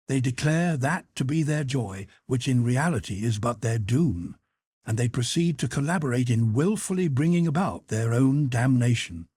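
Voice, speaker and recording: Male audiobook narrator with a husky tone and a dry, close sound. Measured, deliberate essay reading. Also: mid-range voice, darkish tone, no room sound. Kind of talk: scripted narration of a philosophical essay.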